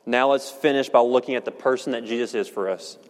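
A man preaching a sermon in a church, earnest and measured, slowing down to stress key words. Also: mid-range voice. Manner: earnest, measured, slows for emphasis. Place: church sanctuary. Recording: long hall reverb.

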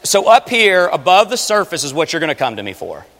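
A man preaching a sermon, animated, swinging between loud urging and hushed asides. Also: fairly high pitch, fairly quick. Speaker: pastor. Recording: long reverb of a large hall. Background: audience.

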